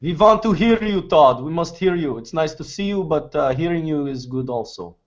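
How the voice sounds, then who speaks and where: A man's voice: on the high side, lively intonation, normal speed. A man hosting a casual video chat, talking in a laid-back, rambling way with many fillers. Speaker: host. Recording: muffled lo-fi web stream.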